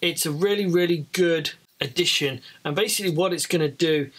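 A man talking casually as a flight instructor, explaining things in a relaxed way with frequent fillers. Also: a little high, brisk, husky.

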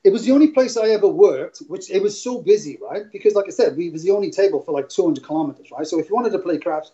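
A man's voice: high-pitched, fast. A middle-aged man from Wales, a casino dealer telling rambling stories with frequent laughs in an interview. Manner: rambling, laughs often, animated retelling. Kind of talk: casual interview storytelling. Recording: dull lo-fi audio.

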